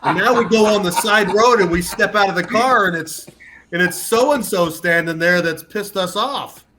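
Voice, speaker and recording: A middle-aged man from Canada chats as a podcast guest. His voice sits a little high, and he tells stories with energy, slips in casual swearing and jumps into voices. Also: normal speed, a little hiss or hum. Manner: animated storyteller, swears casually, puts on voices. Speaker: guest, former pro football kicker. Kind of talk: casual chat.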